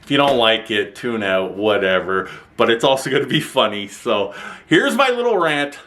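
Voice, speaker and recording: A man ranting to camera in a vlog, telling stories in an exasperated, sweary, animated way, filmed with a handheld camera mic. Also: mid-range voice, moderate pace, slight background noise. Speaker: vlogger.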